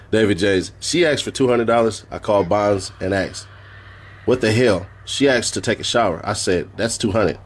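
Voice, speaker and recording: A man with a lowish, slightly slow voice is streaming, reading a court transcript aloud in a relaxed way. He delivers the text flatly, then stops for joking asides and laughs.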